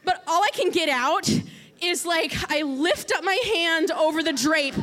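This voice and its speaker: A young woman in her twenties with a bright, high voice tells a funny personal story. She is animated and self-mocking, acting out the other voices in the tale and breaking into loud bursts when the story heats up. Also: measured pace. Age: 20s. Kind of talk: personal story, stand-up style.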